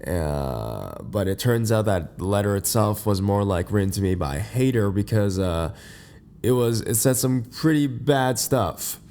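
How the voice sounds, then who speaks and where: A man hosting a casual, rambling podcast from his bed. He has just woken up, and his voice is deep and a little congested. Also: lively intonation, unhurried, warm tone. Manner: rambling, many fillers and restarts. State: groggy, just woke up. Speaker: podcast host. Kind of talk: casual unscripted podcast monologue. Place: in bed at home.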